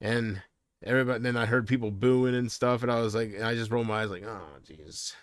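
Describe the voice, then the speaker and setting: A man's voice: medium pitch, fairly even intonation, quick pace, smooth, no room sound, studio quality. A man chatting casually on a livestream from home, rambling and hesitant, often trailing off.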